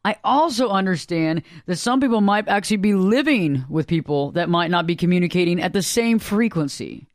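A man's voice: sits high, lively intonation, a little fast, few pauses, no room sound, studio quality. A man hosting a spiritual talk show, speaking in an earnest, rambling way that circles back and repeats his points.

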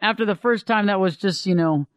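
A man talking casually about relationships as an advice speaker, animated and acting out the quoted voices of others. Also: sits high, a little fast, no echo.

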